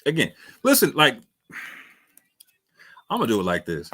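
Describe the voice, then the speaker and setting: A man's voice: medium pitch, wildly swooping pitch, normal speed, bright, forceful tone, breathy edge. A man giving a heated, slangy video response, repeating himself for emphasis. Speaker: online commentator. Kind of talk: casual video rant.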